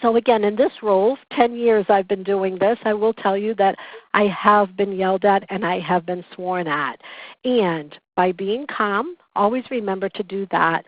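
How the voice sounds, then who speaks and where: Woman trainer leading a webinar, calm, earnest teaching manner; thin phone-quality recording with no room sound. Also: medium pitch, moderate pace, dry recording. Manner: calm, earnest, instructive storytelling. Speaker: patient relations coordinator teaching a class. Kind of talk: webinar presentation. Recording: tinny phone-like dry recording.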